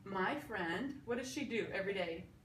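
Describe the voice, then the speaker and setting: A woman's voice: mid-range voice, lively intonation, moderate pace. A woman teaching sign language grammar in a casual way. She explains step by step at a whiteboard and keeps checking in with "okay?". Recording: echoey room, faint background noise.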